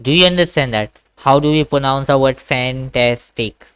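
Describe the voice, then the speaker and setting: A man's voice: mid-range voice, moderate pace, fairly bright tone, smooth, dry recording. A man teaching Quran reading in an online one-to-one class over a video call, patiently repeating sounds and checking understanding.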